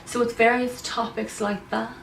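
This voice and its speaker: A woman's voice: on the high side, level tone, normal speed, gravelly. An actress playing a self-absorbed young woman vlogging about her life, rambling smugly and tagging "do you know" onto her lines. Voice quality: rambling, smug, says "do you know" constantly. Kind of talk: comedy monologue to camera. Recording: roomy, distant mic, faint hum.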